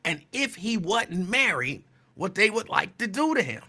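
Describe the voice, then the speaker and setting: Bright, high-voiced chatty male host. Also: very animated, moderate pace, husky. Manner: chatty, digressive, answers chat comments; repeats phrases for emphasis. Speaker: talk show host. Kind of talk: casual live-stream talk.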